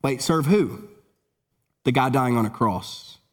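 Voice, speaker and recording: A man preaching a sermon, swinging between urgent raised lines and low solemn ones as he reads and explains scripture. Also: animated, slow pace. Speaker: pastor. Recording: long hall reverb.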